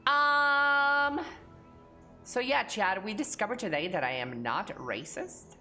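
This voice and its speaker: Playful, crude woman streamer, lively pitch. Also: normal speed, faint music behind. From Mexico. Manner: crude, playful, talks to chat, hums and sings nonsense. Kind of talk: casual livestream chat.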